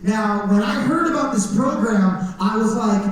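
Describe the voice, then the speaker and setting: A man gives a comedic talk in a school theater, storytelling with animated energy and acting out other people's voices. His voice sits fairly high. The sound comes from far off, with heavy echo from the hall. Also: a little slow.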